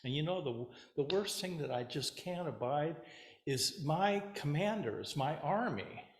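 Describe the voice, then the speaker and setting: A man's voice: fairly high pitch, lively intonation, measured pace, reverberant, pitched above the performer's own voice. A man voicing a weary male demon king who is tired of scaring people, complaining in an exasperated way.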